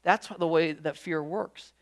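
A male pastor delivering a sermon in a conversational style, full of quick restarts and jokey asides to his congregation. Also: on the high side. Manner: lively conversational preaching with frequent restarts.

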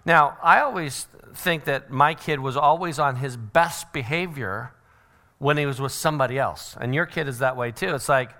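Bright-voiced man giving a lively parenting talk. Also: mid-range voice, normal speed. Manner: animated, acts out quoted voices. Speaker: seminar speaker. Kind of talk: church parenting seminar talk.

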